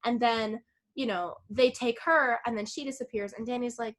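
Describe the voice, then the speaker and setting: A woman co-hosting a podcast, recapping a film in a rambling, excitable way, full of "like" and swearing. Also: on the high side, normal speed. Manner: rambling, filler-heavy, lots of "like"; profane, excitable retelling. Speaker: podcast co-host. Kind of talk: casual film recap chat.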